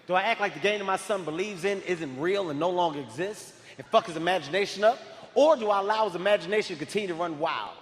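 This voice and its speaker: A man doing stand-up comedy, telling stories in a loud, animated way and often shouting. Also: high-pitched, quick pace. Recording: live hall reverb, faint crowd ambience.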